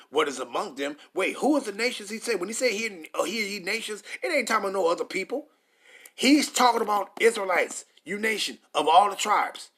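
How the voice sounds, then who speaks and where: Brief: male preacher, high-pitched voice, reads scripture, then curses and berates listeners. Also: sharp tone. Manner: reads verses then rants with heavy profanity; stumbles over words. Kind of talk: confrontational scripture sermon.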